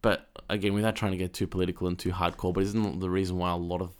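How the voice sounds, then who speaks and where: A man in casual conversation who talks quickly, repeating himself and restarting his sentences. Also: low voice, level tone, clear, resonant tone. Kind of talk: casual chat.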